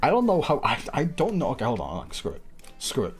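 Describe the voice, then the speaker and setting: A man's voice: medium pitch, huge pitch swings, fast talker. A man streaming live in casual chat, rambling and self-deprecating, laughing often.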